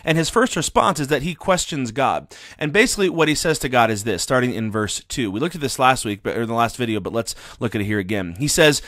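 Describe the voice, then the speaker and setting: A man's voice: mid-range voice, lively intonation, fast, a bit bright, no room sound. Earnest male Bible teacher for a small-group video lesson, plain mid voice, dry close recording. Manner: earnest, conversational, frequent "uh" fillers.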